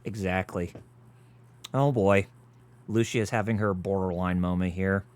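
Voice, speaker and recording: A man's voice: low-pitched, fairly even intonation, unhurried, a little mellow. A man co-hosting a game stream, explaining the story casually as he plays. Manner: explains the story plainly, many fillers. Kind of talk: casual chat while playing a game.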